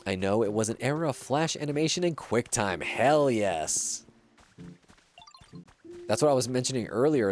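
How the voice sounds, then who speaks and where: A man's voice: mid-range voice, darkish tone. A man streaming a video game, chatting casually and reacting to viewer messages. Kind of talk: casual gameplay livestream chat.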